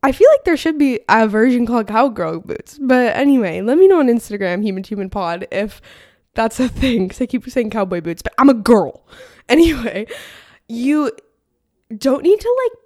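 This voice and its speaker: A woman's voice: a little high, very animated, moderate pace, a little mellow, no echo, clean studio sound. A young woman hosting a casual solo podcast, bubbly and chatty, full of filler words, speaking into a podcast mic at home. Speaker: podcast host. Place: home room. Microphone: podcast mic on stand.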